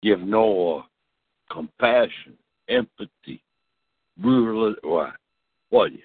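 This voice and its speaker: Low drawling man on a tinny line. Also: animated, slow pace, slightly rough. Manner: drawling, profane, tacks "man" onto lines. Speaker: podcast host. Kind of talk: rambling comedic monologue. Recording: tinny phone-like sound.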